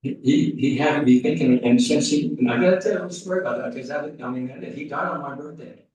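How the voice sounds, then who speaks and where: A man giving a rambling, folksy eulogy at a funeral service, full of halting restarts. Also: mid-range voice, a little mellow, highs cut off. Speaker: funeral speaker. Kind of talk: eulogy storytelling. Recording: echoey hall, mic off at a distance.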